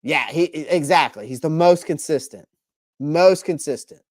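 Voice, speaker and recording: Guy doing a live stream, bit high voice, dead dry mic, keeps restarting and reading chat names. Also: normal speed, no echo. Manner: opinionated, answers chat by name, restarts a lot.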